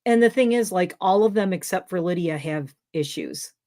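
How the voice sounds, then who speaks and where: A woman's voice: on the low side, lively intonation, normal speed, darkish tone. A woman hosting a casual livestream chat, a dog trainer who rambles with lots of fillers. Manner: rambling, filler-heavy talk. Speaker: livestream host.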